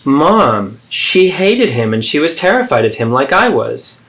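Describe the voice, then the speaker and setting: A man's voice: medium pitch, very animated, fairly bright tone. Earnest man in a therapy role-play. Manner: earnest, pleading, measured. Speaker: therapist and video host.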